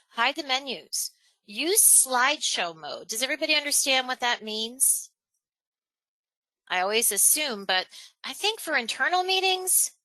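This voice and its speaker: Upbeat woman presenter with a bright voice. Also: on the high side, dry recording, low-quality recording. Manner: energetic, emphatic, varies tone and pace on purpose. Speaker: webinar presenter. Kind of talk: online presentation training.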